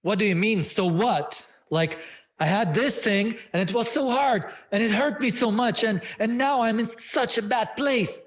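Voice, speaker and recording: A man's voice: sits high, measured pace, voice pushed up. Man putting on a distressed, defensive young woman. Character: upset young woman, defensive about her hardships.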